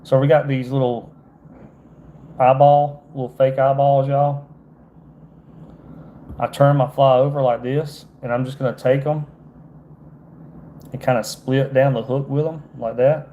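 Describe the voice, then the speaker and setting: A man's voice: medium pitch, level tone, measured pace, long pauses, phone-quality sound, a little hiss or hum. A man from Georgia with a Southern accent, a fishing guide giving a casual, folksy fly-tying demonstration on a livestream and chatting to his viewers. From Georgia, USA. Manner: folksy, chatty, keeps calling viewers "y'all".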